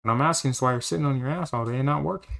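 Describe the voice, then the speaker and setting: A man voicing a stern male farmer scolding his lazy brother in a fan-dubbed game, gruff and impatient. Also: medium pitch, rapid-fire, a bit bright.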